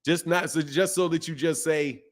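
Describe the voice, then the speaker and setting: A man's voice: on the high side, steady tone, moderate pace. A man hosting a boxing talk stream, speaking bluntly and casually, repeating points for emphasis and reading from a live chat. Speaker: boxing channel host. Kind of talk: casual livestream commentary.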